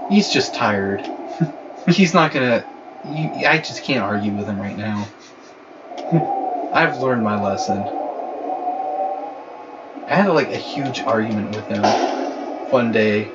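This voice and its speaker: A man's voice: lowish voice, lively intonation, slow, pauses often. A young man chatting casually over gameplay, telling a rambling, ranting story. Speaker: let's play host. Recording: dull lo-fi with clear noise.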